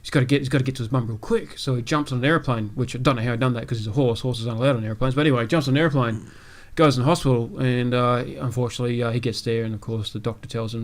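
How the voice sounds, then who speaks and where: Speaking very fast with few pauses, a gaming podcast host keeps a fairly even intonation at a medium pitch. He tells a long, rambling joke loaded with fillers and asides in a casual way.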